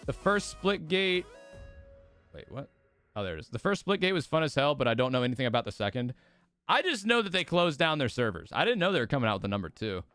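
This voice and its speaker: A man's voice: mid-range voice, very animated, quick pace, a bit bright, smooth, no room sound, soft background music. A young man streaming, chatting casually and rambling with his viewers, laughing often. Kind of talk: casual livestream chat.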